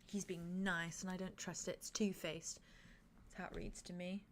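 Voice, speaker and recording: A woman voicing a shrewd, wary grandmother and clever female politician in a tabletop role-play, with a dry, measured, slightly formal way of talking. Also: lowish voice, flat delivery, slight background noise, close to an everyday voice. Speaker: player voicing a grandmother character.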